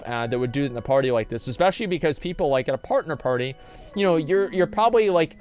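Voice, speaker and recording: A man streaming live, chatting casually and rambling through a profane, animated story while reading donations. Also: medium pitch. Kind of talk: casual livestream chat. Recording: faint music behind voice.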